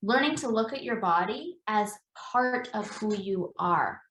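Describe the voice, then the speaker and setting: A woman's voice: medium pitch, animated, unhurried, fairly bright tone, roomy sound, a little hiss or hum, rough recording. A woman, an embodiment practitioner, explaining in an earnest, conversational interview, repeating phrases for emphasis.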